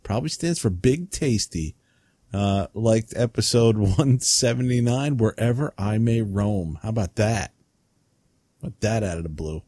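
A man co-hosting a casual podcast, upbeat and quick to laugh and react. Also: on the low side, expressive, darkish tone, no echo. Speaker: podcast co-host.

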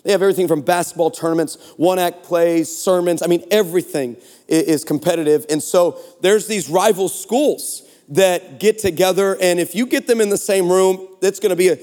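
A man in his forties delivers a comedic sermon, his voice sitting high and lively. He tells his stories with sarcasm and playful energy. The sound rings out through a large church hall with a long echo. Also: normal speed. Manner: animated, sarcastic, joking. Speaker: guest preacher.

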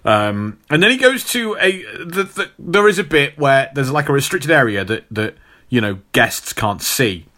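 A man retelling a comic plot in a loose, rambling chat full of ums and restarts. His voice is bright and forceful, at an ordinary pitch for a man. He keeps the story moving casually as a host. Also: very animated, normal speed. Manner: rambling, with many fillers and laughs.

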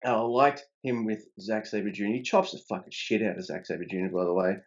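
Animated swearing man, dull lo-fi sound. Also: brisk. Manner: animated, swearing, pitch jumps up when emphatic. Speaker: podcast co-host reviewing wrestling. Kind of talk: casual profane chat.

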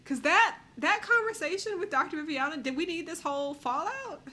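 A woman's voice: extremely high pitch, lively intonation, a little fast, bright, forceful tone, a little hiss or hum. A woman, chatting casually as a podcast co-host and acting out the people she quotes in a recap. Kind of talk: casual chat.

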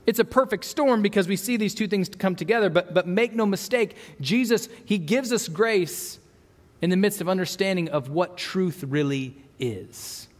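A man with a high voice delivers an earnest sermon into a microphone, posing rhetorical questions and stumbling over repeated words. His voice rings out with a long hall reverb. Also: normal speed. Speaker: pastor.

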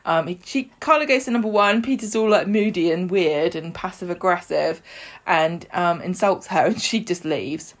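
A woman's voice: fairly low pitch, normal speed. A woman, co-hosting a podcast and chattily retelling soap scenes with quoted lines. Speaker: podcast co-host. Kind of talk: casual chat, recapping a soap.

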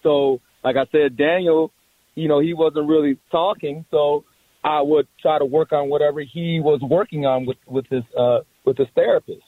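A man who works as a barber, talking casually and haltingly, with many restarts and short laughs. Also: on the high side, fairly even intonation, dry recording, narrow, tinny audio. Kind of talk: casual conversation.

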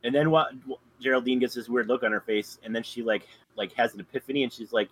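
A man's voice: medium pitch, quick pace, a bit bright, slightly rough, low-quality recording. A man in casual chat, rambling through a recap with plenty of fillers and self-corrections. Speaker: podcast co-host.

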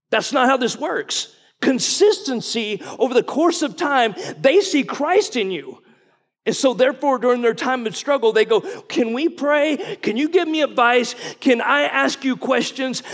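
A guest pastor in his forties delivers a sermon in a very high, slightly bright voice. He preaches in a folksy, conversational manner, putting questions to the congregation, while a large hall's long reverb fills the recording.

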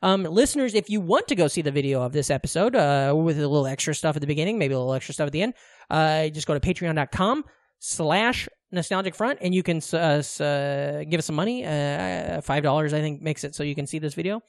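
A man's voice: fairly high pitch, fast talker, no echo, clean studio sound. A young man co-hosting a podcast in casual, joking, profane chat. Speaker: podcast co-host.

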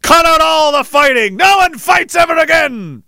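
A man putting on a raging, greedy male sports league boss who shouts and gloats like a tyrant. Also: very high voice, animated, moderate pace, gravelly, no room sound, studio quality, voice pushed up, exaggerated voice. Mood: gloating rage.

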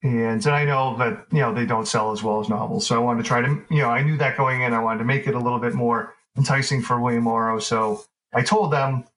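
A man talks casually with a mid-range voice, circling his points with plenty of fillers and self-corrections. He keeps a loose, easygoing conversational flow, pitched in an ordinary register. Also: fairly quick, hardly any pauses, rough recording. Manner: relaxed, rambling, many fillers and restarts. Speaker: author guest.

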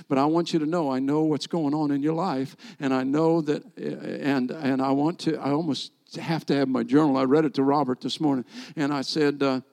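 A middle-aged man, a rabbi, preaching a sermon and telling stories while acting out the dialogue. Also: fairly high pitch. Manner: animated storyteller acting out dialogue. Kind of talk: sermon storytelling.

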